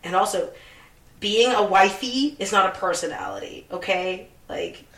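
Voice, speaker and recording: A woman's voice: mid-range voice, moderate pace, fairly bright tone, distant mic. A young woman co-hosting a casual chat, ranting sarcastically and swearing a lot. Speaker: podcast co-host. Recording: echoey room, off mic.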